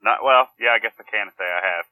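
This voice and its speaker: A man's voice: on the low side, quick pace, pushed and bright, dry recording, poor audio. A man co-hosting a casual interview show, bantering loosely and laughing along. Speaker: podcast co-host.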